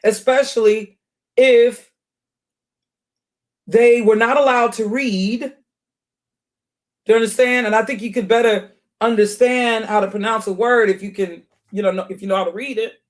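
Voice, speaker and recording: A commentary host with a fairly high voice keeps her intonation fairly even and her pace moderate. She works through her thoughts aloud with many fillers and restarts, at times reading a passage from an on-screen search result.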